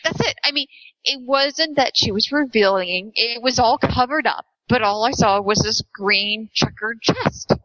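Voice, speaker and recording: A woman with a voice on the high side chats casually, telling a funny story a little slowly. She giggles a lot and animatedly acts out voices. The dull lo-fi recording has no room sound.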